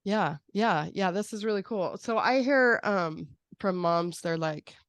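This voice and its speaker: A woman hosting a podcast in casual chat, animated and acting out quoted voices with laughs. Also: mid-range voice, unhurried, clean tone, dry recording. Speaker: podcast host.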